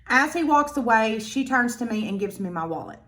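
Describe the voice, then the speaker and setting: A woman telling a storytime vlog in a blunt, profane, animated way. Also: fairly high pitch, brisk. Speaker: vlogger.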